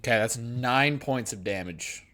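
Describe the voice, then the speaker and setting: Male player, mid pitch, playful jokester at the table. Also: unhurried, bright, forceful tone. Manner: playful, jokey. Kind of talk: casual tabletop play.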